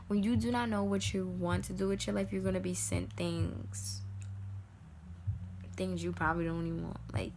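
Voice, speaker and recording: A woman's voice: lowish voice, a little hiss or hum. A young woman giving casual life advice to the camera, emphatic and repetitive, sometimes dropping to a whisper. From United States. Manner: emphatic, repeats lines, dips into whispers.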